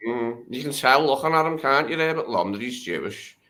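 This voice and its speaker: A man's voice: medium pitch, animated, brisk, sharp tone. A man hosting a casual livestream chat, rambling and mocking, talking over a remote call. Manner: rambling, mocking impressions of others. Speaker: host.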